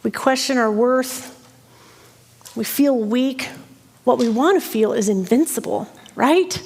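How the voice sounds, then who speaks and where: A middle-aged woman preaching a sermon, telling a personal story in an animated, self-deprecating way. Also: on the high side, takes it slowly, vocal fry, slightly rough, big-room sound. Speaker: pastor.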